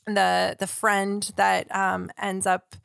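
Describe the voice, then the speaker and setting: A woman's voice: mid-range voice, monotone, takes it slowly, creaky, fairly bright tone, smooth, no echo, clean studio sound. A woman co-hosting a podcast, talking about films in a thoughtful way, often searching for words. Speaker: podcast co-host. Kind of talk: casual film discussion.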